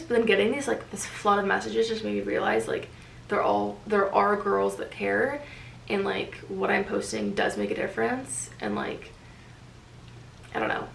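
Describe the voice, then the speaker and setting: A woman's voice: medium pitch, gravelly, recorded from a distance. A young woman vlogging to camera in casual talk, full of fillers and emotional as she recounts things. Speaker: running vlogger. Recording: echoey room, voice a bit off-mic, faint noise.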